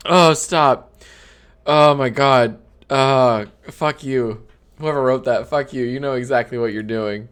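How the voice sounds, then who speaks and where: A man in his thirties hosts a live stream, talking off the cuff and mocking what he reads aloud. He swears freely, slips into sarcasm and breaks into high-pitched laughter. His voice sits at an ordinary middle pitch. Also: steady tone, a little slow, clear, resonant tone. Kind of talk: casual live-stream chat.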